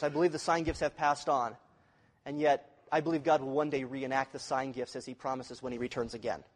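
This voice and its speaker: A pastor giving a sermon in a conversational way, asking the congregation questions. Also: male voice, a little high, long reverb tail.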